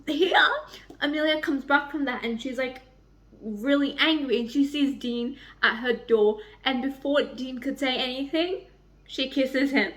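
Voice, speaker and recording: A young woman chatting in a casual reading vlog, excitable, rambling and swearing freely as she rants about characters. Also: high voice, unhurried, a little hiss or hum. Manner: rambling, restarts often. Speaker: book vlogger.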